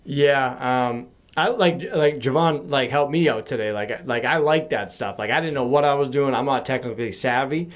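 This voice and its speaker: A man's voice: medium pitch, moderate pace, few pauses. A young man, a podcast host on as a guest, chatting casually and self-deprecatingly with lots of "like" and frequent laughs, over a home mic on a remote call. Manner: rambling, filler-heavy, self-deprecating, laughs often. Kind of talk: casual chat.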